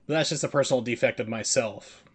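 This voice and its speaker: Male streamer, American, casual rambling commentary, average pitch. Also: quick pace, slight background noise. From United States. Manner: rambling, filler-heavy chat with put-on voices. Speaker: game streamer.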